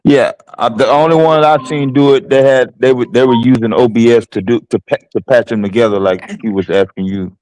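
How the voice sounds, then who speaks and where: A man's voice: mid-range voice, fairly even intonation, fairly quick, hardly any pauses, a little mellow, rough recording. A man on a casual livestream panel, laid-back and explanatory, often trailing off with fillers.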